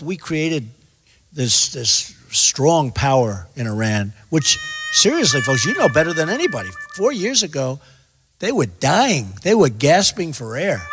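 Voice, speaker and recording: Answering questions as a candidate, this man rambles, repeating himself with emphasis in stump-speech style. His voice is fairly high and fairly bright, recorded in an echoey hall with slight background noise.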